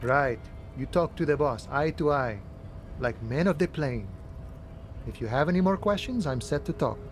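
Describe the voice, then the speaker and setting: A man's voice: a little high, expressive, moderate pace, slight background noise, lightly acted. An actor playing a laid-back, philosophical male dock worker in a video game, with an easygoing, folksy manner. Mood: friendly. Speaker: game character.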